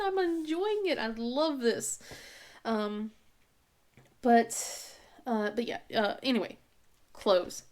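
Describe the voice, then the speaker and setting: A woman's voice: a little high, animated, moderate pace. A woman in her thirties with a Southern twang, chatting casually and laughing often as she works on a craft for her vlog. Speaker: crafting vlogger. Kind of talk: casual chat while diamond painting.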